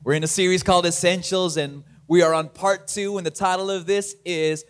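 Pastor with a high, light voice. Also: male voice, steady tone, brisk, clear, resonant tone. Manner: playful, laughing, acts out voices in stories. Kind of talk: sermon. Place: church online broadcast.

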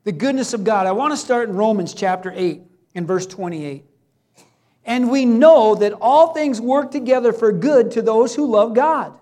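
A man with a very high voice preaching a sermon. He talks to the congregation in a casual, conversational way, then breaks into loud, acted cries. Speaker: pastor.

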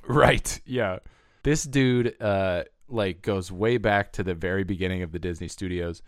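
A man co-hosting a podcast in relaxed, chatty talk with plenty of fillers. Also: low voice, measured pace, dry recording, studio quality. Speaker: podcast co-host. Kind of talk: casual podcast chat.

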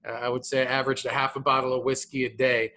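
A man in his thirties co-hosts a casual podcast, speaking very fast and animatedly at medium pitch. He repeats his words and keeps tacking "man" onto his sentences.

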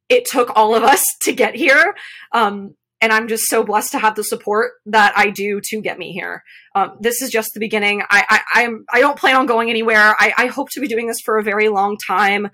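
A young woman speaks in an earnest podcast monologue, her voice bright and clear. She fills pauses with ums and restarts her sentences, and she sounds emotional, as if close to tears. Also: medium pitch. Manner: earnest, many fillers and restarts. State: emotional, voice catching. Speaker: podcast host, mental performance consultant.

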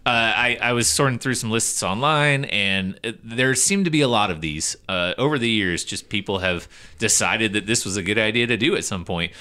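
A man's voice: on the low side, expressive, normal speed, pushed and bright. A man co-hosting a podcast, chatting casually and animatedly with friends, often breaking into laughs. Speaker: podcast co-host.

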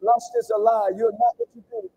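A man pastor leading an impassioned sermon prayer, with a fervent, repetitive preaching cadence that swings from shouts to hushed pleading. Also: very high-pitched, big pitch swings, a little fast, gravelly, slightly rough, rough recording.

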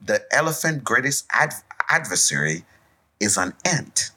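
A man from West Africa, co-hosting a podcast in casual chat. His voice is husky and bright, and its pitch swings widely as he tells a tale. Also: a little slow. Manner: animated storyteller, acts out voices and sounds. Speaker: podcast co-host.

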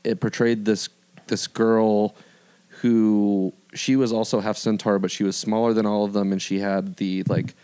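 A man's voice: fairly low pitch, level tone, measured pace, mellow, clean tone. A man in his twenties in casual, rambling chat, swearing freely and trailing off mid-thought. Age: 20s.

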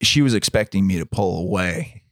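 Low-voiced man telling a story. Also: animated, fairly bright tone, dry recording, clean studio sound. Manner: measured, dramatic storytelling, acts out quoted voices. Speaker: podcast co-host. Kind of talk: storytelling in casual chat.

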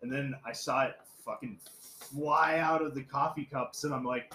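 A man's voice: mid-range voice, fairly even intonation, normal speed, sharp tone. A young man co-hosting a podcast, telling rambling stories in casual crude chat, swearing a lot and laughing. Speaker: podcast co-host. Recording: echoey room with faint background noise.

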